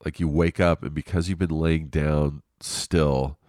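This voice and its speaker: Man, very low voice, stuffed-up nose, rambling podcast chat, cursing, dry close sound. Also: fairly even intonation, unhurried, darkish tone, dry recording. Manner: rambling, profane, self-deprecating. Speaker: podcast host. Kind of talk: casual solo podcast monologue. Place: lying on his couch at home.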